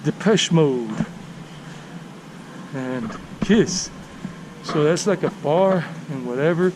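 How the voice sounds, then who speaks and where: A man's voice: fairly high pitch, measured pace, long pauses. A man from the United States giving a casual walking-tour narration outdoors, chatty and rambling, often repeating himself. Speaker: tour guide vlogger. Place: city street outdoors, walking. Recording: outdoor street recording with traffic noise. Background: city traffic and street ambience.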